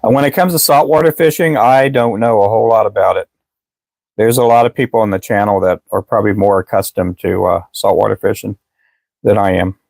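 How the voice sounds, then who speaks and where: A man's voice: fairly low pitch, steady tone, a little fast, gravelly, darkish tone, dry recording. A man hosting a casual live stream, chatting with viewers in a rambling way and often restarting his sentences, and he says he is losing his voice. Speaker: live stream host selling fishing lures.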